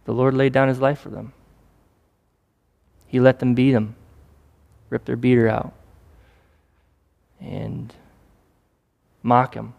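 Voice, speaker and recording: A man's voice: medium pitch, flat delivery, slow, gravelly, pauses often, lo-fi sound. Man preaching in a reverberant hall. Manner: conversational preaching with acted-out asides. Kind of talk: sermon.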